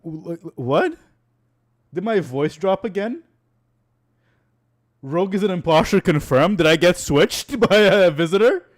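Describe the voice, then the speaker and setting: A man's voice: high-pitched, expressive, measured pace, long pauses. A man streaming casually, reacting to old clips of himself, exasperated and swearing. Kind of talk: casual livestream chat.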